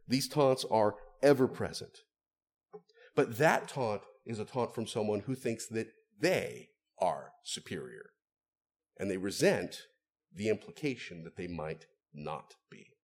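A man preaching a sermon, moving between quiet, low asides and raised, stressed phrases for emphasis. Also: big pitch swings, a little slow.

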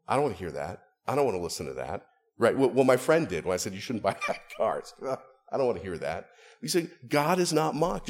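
A pastor with a fairly high, darkish-toned voice preaches a sermon in a conversational way. He often checks in with his listeners, dropping frequent "right?" asides.

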